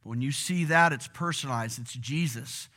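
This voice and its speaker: Forceful, bright-voiced male preacher. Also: medium pitch, moderate pace. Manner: animated, asks the congregation questions. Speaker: pastor. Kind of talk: sermon. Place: church.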